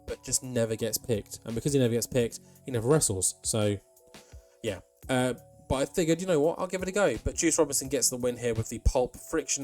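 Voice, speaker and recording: A young man with a medium-pitched, darkish voice gives casual let's-play commentary over a wrestling management game. He rambles, with plenty of ums and asides.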